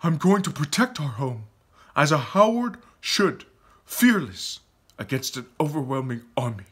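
A defiant young prince from a storybook, pressing his warning hard, his voice husky and rising and falling with feeling, as a man reads him aloud. He talks with urgent emphasis. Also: on the high side, big pitch swings, a little slow, fairly bright tone, exaggerated voice. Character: proud defiant young male forest-tribe prince.

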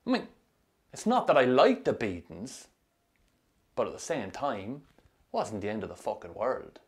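An actor narrating a film as a troubled young Irish man with a Sligo accent, telling his rough youth in a dry, sardonic way. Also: medium pitch, huge pitch swings, a little slow, heavily acted. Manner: dry, sardonic storytelling with strong swearing. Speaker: narrator, the film's lead. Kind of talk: scripted film voice-over.

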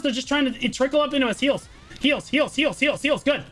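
A man's voice: very high-pitched, fairly quick, a bit bright, faint music behind. A man calling the shots in a team game over voice chat, urgent and commanding, repeating every order and swearing. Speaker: guild shotcaller.

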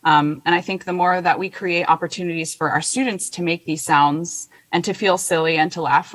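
A woman voice teacher giving a conference presentation, chatty with many fillers. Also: fairly low pitch.

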